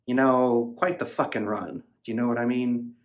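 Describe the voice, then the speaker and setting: A man's voice: mid-range voice, steady tone, moderate pace. A man hosting a podcast, rambling casually about a novel in a profane, filler-heavy way. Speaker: podcast host reviewing a novel. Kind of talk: casual book discussion.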